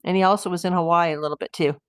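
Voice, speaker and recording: Chatty older woman, low dry voice. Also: steady tone, racing, no room sound. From United States. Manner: chatty, rambling with asides and fillers. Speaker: livestream host. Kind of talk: casual livestream chat reading viewer comments.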